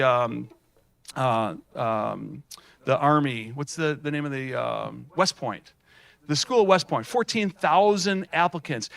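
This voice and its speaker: A middle-aged man giving a folksy, animated keynote at a student showcase, telling stories with many fillers and restarts. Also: on the high side. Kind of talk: storytelling keynote speech.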